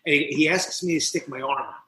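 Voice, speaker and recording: A man from New Jersey tells his own story as a podcast guest, lively and quick, acting out each scene. His voice sits a little high and rings bright and forceful. The sound bounces around an echoey room. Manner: animated, quick, acts out scenes as he tells them. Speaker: podcast guest, speaker and coach. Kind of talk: candid storytelling in conversation.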